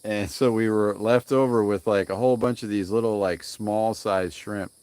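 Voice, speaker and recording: A man's voice: lowish voice, steady tone, moderate pace, darkish tone, clear, resonant tone, dry recording. A young man hosting a casual live stream while grilling outdoors, rambling along and greeting viewers by name. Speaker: livestream cooking host.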